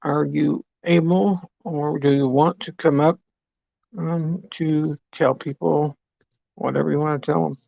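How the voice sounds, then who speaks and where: A man with a gravelly, creaky voice hosts a live stream. He talks in a rambling, friendly way, greets viewers one at a time and reads out chat messages. The sound is close and dry, with dull lo-fi stream audio. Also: fairly high pitch, steady tone, unhurried, warm tone, no room sound.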